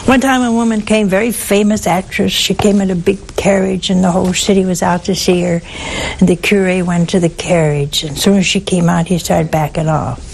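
A woman giving a sermon in a slow, deliberate way, with asides and some softly whispered stresses. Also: on the low side, steady tone, vocal fry, slight background noise, low-quality recording. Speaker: preacher.

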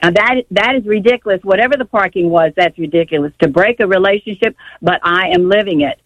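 Calling a radio program, an older woman tells her story in a wandering way, full of false starts and growing feeling. She has a medium-pitched voice and talks fairly quickly over a dull, dry phone line.

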